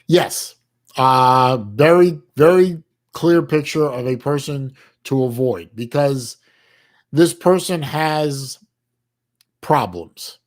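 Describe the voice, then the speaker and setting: A middle-aged man from the United States hosting a livestream, chatting casually with his chat in a halting way with many restarts and folksy slang. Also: medium pitch. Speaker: livestream host reading chat.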